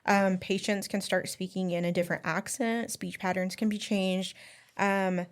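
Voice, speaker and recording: A woman's voice: medium pitch, little pitch movement, normal speed, clear, resonant tone. A woman hosting a podcast, casually telling a story with lots of ums and small laughs. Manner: chatty, giggly, many ums. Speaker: podcast host.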